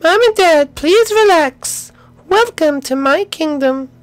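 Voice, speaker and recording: A man voicing a newborn baby boy who can already talk, speaking slowly and deliberately in a comic game role-play. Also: very high-pitched, expressive, no room sound, voice pushed up, exaggerated voice. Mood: eerie calm. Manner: slow, deliberate.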